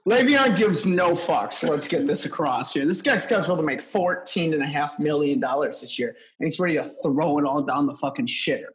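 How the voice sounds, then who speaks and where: A man's voice: fairly high pitch, brisk, hardly any pauses. A young man co-hosting a podcast in casual, joking chat, swearing freely. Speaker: podcast co-host.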